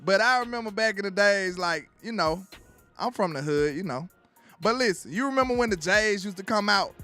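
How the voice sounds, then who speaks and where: A man hosting his own sports commentary show, ranting in an animated, slangy way and laughing as he goes. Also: high voice, a little fast, dry recording, soft background music.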